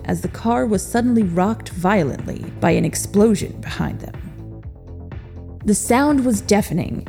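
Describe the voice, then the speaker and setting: A woman narrating a story as an expressive storyteller, in a scripted reading. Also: mid-range voice.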